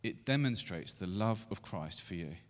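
A man in his thirties preaching a sermon to a church meeting, building to loud, emphatic repeated lines. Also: on the low side, lively intonation, moderate pace. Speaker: pastor. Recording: long hall reverb.

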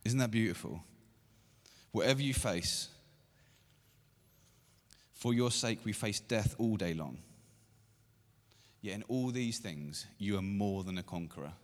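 A man in his thirties preaching a sermon to a church meeting, building to loud, emphatic repeated lines. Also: on the low side, expressive, a little slow, long pauses. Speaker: pastor. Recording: long hall reverb.

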